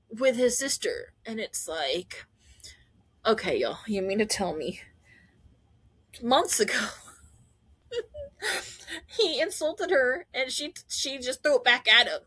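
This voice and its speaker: A woman hosting a podcast, gushing and laughing as she recaps scenes and acts out quotes in quick voices. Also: a little high, big pitch swings, bright, forceful tone. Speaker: podcast host. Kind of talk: excited fan recap chat.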